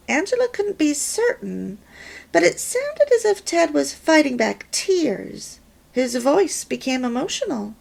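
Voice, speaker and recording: A woman reading a story aloud in a deliberate, measured way. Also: high voice, big pitch swings, vocal fry. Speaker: reader of a homemaking course.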